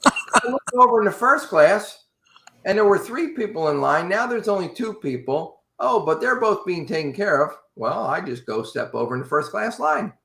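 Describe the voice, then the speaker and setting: Man, casual storytelling, animated, wry, bright tone, echoey room. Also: high-pitched, moderate pace, vocal fry. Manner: animated, wry, addresses host directly. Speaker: podcast guest. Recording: roomy echo.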